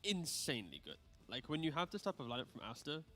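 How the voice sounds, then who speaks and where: A man's voice: on the high side, huge pitch swings, sharp tone, faint music behind. A man giving analytical commentary on an esports match, breaking down plays in detail. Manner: rapid, detailed breakdowns with light laughs.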